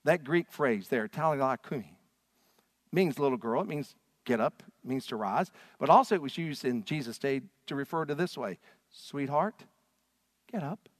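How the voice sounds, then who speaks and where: A man preaching a sermon as a pastor, swinging from loud, fervent passages to hushed ones. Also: medium pitch, lively intonation, normal speed, no echo.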